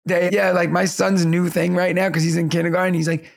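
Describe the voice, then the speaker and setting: A man in his thirties co-hosts a casual podcast, his fairly high voice carrying a gravelly edge. He tells stories with bursts of laughter and animated asides. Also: fairly quick. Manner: laughing storyteller, animated anecdotes. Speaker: podcast co-host. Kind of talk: casual chat.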